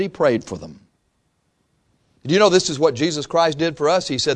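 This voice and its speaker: An impassioned male preacher tells a story from the pulpit and acts out its voices as he goes. His speaking voice sits a little higher than most men's. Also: animated, a little fast, long pauses. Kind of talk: sermon.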